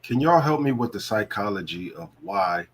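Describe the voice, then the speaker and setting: A man's voice: lowish voice, expressive, normal speed, slightly rough. A man from the US Northeast talking on an online panel, asking questions in a loose, conversational way. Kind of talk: casual online panel chat.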